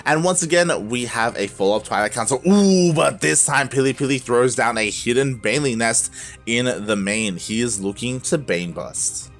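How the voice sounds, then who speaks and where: A man casting a live strategy game tournament, moving from calm play-by-play to loud shouting, laughing often and talking in casual slang. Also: medium pitch, moderate pace, faint music behind. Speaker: esports caster.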